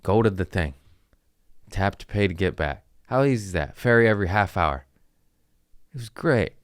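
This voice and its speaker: A man's voice: on the low side, expressive, normal speed, clear, resonant tone, no room sound, clean studio sound. A man hosting a podcast from home, telling loose, jokey stories in casual chat with swearing and trailing asides. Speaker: podcast host. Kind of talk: casual rambling storytelling.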